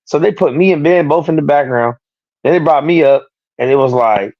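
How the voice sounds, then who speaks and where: On a livestreamed boxing talk show, this co-host rants with plenty of profanity about a feud, getting louder whenever he quotes someone. His voice is fairly high and darkish in tone, with big pitch swings and a fast delivery. The stream audio is dry and muffled.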